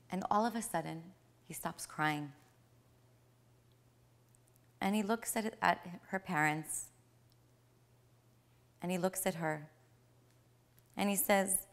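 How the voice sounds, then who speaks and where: A woman telling a spiritual story in a gentle, emphatic way, repeating phrases for effect. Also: on the low side, slow pace, long pauses.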